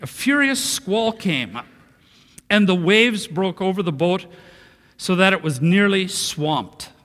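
A man preaching a sermon in a church, expressive and dropping to a hush for quoted words. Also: high-pitched, takes it slowly, long reverb tail. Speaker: pastor.

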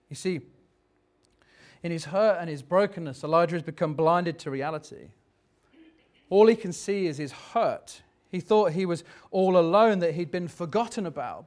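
A man preaching a sermon in a reflective, conversational way, turning dramatic when he reads scripture. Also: fairly high pitch.

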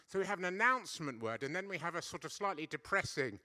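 Man preaching, middle-aged, very bright tone, chatty, playful, questions to the congregation. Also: on the high side, expressive, fast, few pauses. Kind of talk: lively church sermon. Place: church service.

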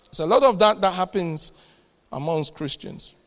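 A middle-aged man preaching a sermon in a church hall, animated and jokey, with sudden loud bursts and acted-out dialogues. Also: sits high, moderate pace. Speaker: pastor. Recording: echoey church hall with long reverb.

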